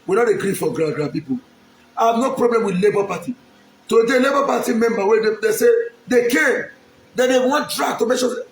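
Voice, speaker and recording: A man's voice: very high-pitched, a little fast, roomy sound, a little hiss or hum. A man from Edo State, Nigeria, with a Nigerian accent, making an emphatic, pleading public appeal straight to the camera and repeating his lines. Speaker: aspiring local politician.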